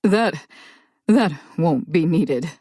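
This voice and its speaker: A woman's voice: lowish voice, expressive, drawn-out words, dark tone, husky, no room sound, studio quality, exaggerated voice. A woman voicing a nervous, friendly father who talks in a mildly raised, uneasy way. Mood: firm.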